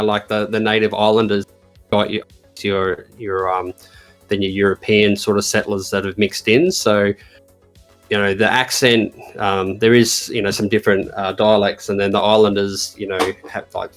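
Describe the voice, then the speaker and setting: A man in casual chat as a guest, talking with many ums and restarts. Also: fairly low pitch. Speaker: podcast guest.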